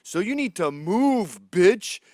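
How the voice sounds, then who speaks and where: A brash, boastful woman guest, played by a man in a swaggering parody. The pitch is raised a touch, and the delivery is cocky and mocking. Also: very animated, slow, a little mellow, dry recording, studio quality, full character voice.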